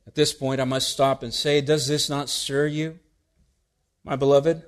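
A man preaching a sermon, reading scripture and asking his congregation rhetorical questions with wide swings in loudness. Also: medium pitch, flat delivery, a little slow, smooth.

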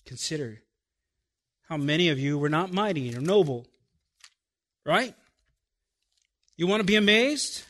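A pastor preaches a sermon in a slightly high, animated voice, firing emphatic rhetorical questions at his congregation. He drops to quiet, slow phrases before building up again.

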